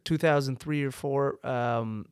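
A man's voice: mid-range voice, slow pace, smooth, no echo, clean studio sound. Swearing young man telling a story. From Canada. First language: Urdu. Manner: animated storytelling, swears often. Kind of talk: casual chat.

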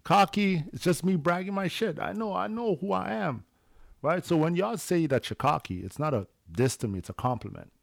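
A man's voice: a little high, animated, moderate pace, creaky, dry recording, clean studio sound. A man guesting on a podcast, telling stories in casual, boastful banter.

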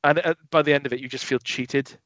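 Animated man reviewing films, lo-fi. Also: fast, no echo. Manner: animated, mimics film scenes in a lowered voice. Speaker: podcast co-host. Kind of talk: casual film review chat. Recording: dull lo-fi dry sound.

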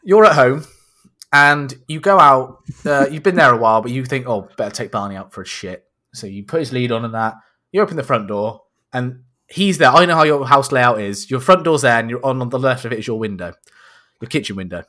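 A man's voice: mid-range voice, lively intonation, brisk, sharp tone. A man co-hosting a comedy podcast, setting up a made-up scenario in casual chat. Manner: storytelling, sets up scenarios. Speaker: podcast co-host.

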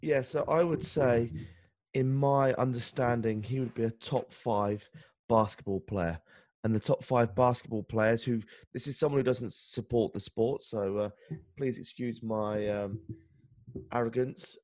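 A man's voice: medium pitch, steady tone, measured pace, a little mellow. A man with an English accent co-hosting a podcast, chatting casually, hesitant and self-deprecating. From England. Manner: hesitant, lots of ums and uhs, self-deprecating. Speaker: podcast co-host.

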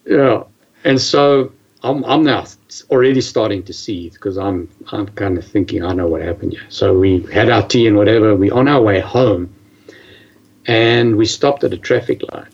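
Gravelly man telling a story. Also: fairly low pitch, muffled recording. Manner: animated, halting with many restarts. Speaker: guest telling his story. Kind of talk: casual storytelling.

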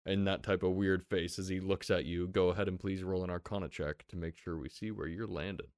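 Low-voiced male game master, relaxed and loose with swearing, dry close mic. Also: a little fast, clean tone, dry recording. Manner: laid-back, laughs often, casual swearing. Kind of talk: narrating a tabletop game.

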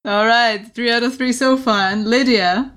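Woman game master, bright and playful, laughs easily while hosting a tabletop game. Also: a little high, fairly even intonation, moderate pace. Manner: giggly and playful.

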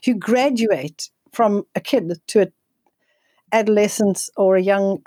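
A woman guest speaking on nutrition in an interview, telling stories in a quick, energetic way with frequent restarts. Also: mid-range voice, husky, dry recording. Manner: fast, energetic, with frequent restarts and repeated words. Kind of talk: conversational storytelling interview.

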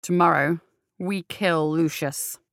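Brief: woman narrator doing a menacing storybook minister, measured threats, dry close sound. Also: on the low side, fairly even intonation, gravelly, fairly bright tone, clean tone, dry recording, heavily acted. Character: scheming male minister, commanding and menacing.

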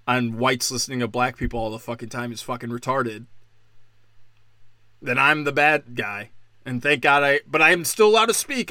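A man's voice: a little high, pushed and bright, no room sound, clean studio sound. A man hosting a solo podcast, ranting angrily and sarcastically with lots of swearing. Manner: angry, sarcastic, heavy swearing. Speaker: podcast host. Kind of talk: profane solo podcast rant.

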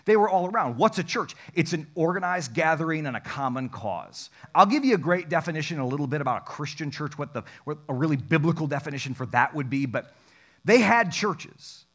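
Animated man preaching, faint hum. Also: fairly high pitch, brisk. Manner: animated, jokey preaching with sudden loud and soft turns. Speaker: pastor. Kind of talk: sermon.

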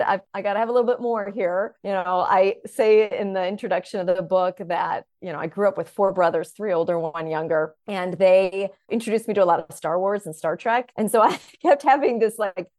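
A woman author and teacher from the Chicago area, a guest on a podcast, telling her story in an animated, enthusiastic way. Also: medium pitch, no room sound, studio quality. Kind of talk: conversational interview.

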